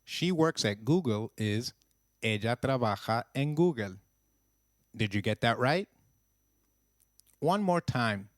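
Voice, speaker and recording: A man narrating a scripted language lesson with slow, clear, encouraging drills. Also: mid-range voice, expressive, dry recording, clean studio sound. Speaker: language teacher.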